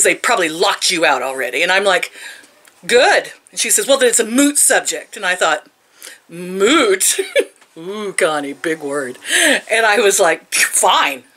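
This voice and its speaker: A woman's voice: fairly low pitch, bright, forceful tone. Older lady ranting about her old job, sarcastic, voice all over the place, laughs a lot. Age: 60s. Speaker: vlogger. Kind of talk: casual storytelling rant.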